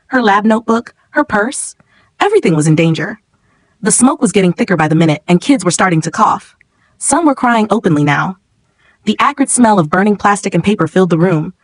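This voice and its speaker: A woman narrating a scripted first-person story in a steady, tense way. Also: medium pitch, no echo, rough recording.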